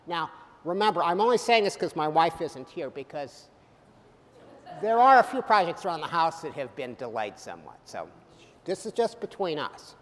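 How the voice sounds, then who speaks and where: A middle-aged man preaching a sermon, animated and humorous, swinging from loud bursts to soft, quiet lines. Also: fairly high pitch, normal speed. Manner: humorous asides. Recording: hall reverb.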